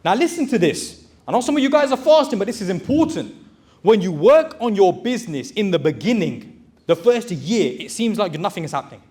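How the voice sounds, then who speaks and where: High-voiced man giving a blunt pep talk. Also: sing-song, a little fast, a little mellow. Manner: direct, exhorting, addresses audience as brothers. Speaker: motivational speaker and recruitment business owner. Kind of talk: motivational talk to a live audience.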